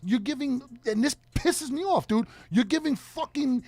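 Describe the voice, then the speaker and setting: A man's voice: very high-pitched, animated, moderate pace, darkish tone, no room sound. A man co-hosting a radio talk show, swearing a lot as he rants in casual chat, recorded in a studio. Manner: profane ranting, heated. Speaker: co-host.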